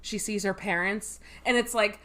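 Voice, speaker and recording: A woman's voice: medium pitch, steady tone, normal speed, a bit bright. A woman co-hosting a podcast who is a bit drunk, giggling and swearing in casual chat. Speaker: podcast co-host.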